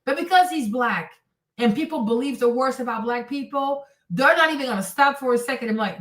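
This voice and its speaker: A commentary streamer with a high-pitched, expressive voice speaks briskly, a little away from the mic, in a roomy, echoey space. Reacting to a news clip, she is blunt, sarcastic, and scornful, swearing freely and mocking the people in it with acted-out quotes.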